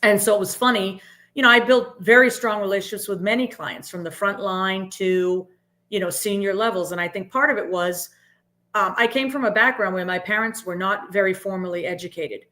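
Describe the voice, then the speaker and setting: A middle-aged woman speaks in an earnest, emphatic way as a podcast guest. She often ends her points with "right?". Her voice sits at an ordinary middle pitch. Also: brisk, sharp tone. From Boston area, US. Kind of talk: reflective interview talk.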